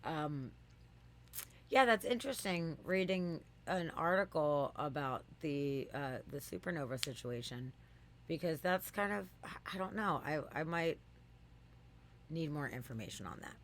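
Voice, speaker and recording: An animated podcast co-host chatting casually, with a voice that sits at an everyday middle pitch. The delivery swears freely, jumps into loud high exclamations and then drops back to an easy conversational tone. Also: measured pace. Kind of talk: casual storytelling chat.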